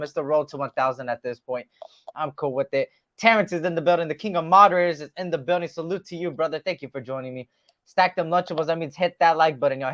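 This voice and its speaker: A man hosting a casual live stream, greeting chat viewers by name in relaxed, slangy talk. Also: a little high. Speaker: livestream host. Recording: dull lo-fi sound.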